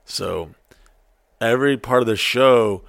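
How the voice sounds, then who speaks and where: Gravelly profane man telling stories. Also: medium pitch, slow pace, dry recording, studio quality. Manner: profane, animated, acts out quotes. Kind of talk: casual storytelling chat.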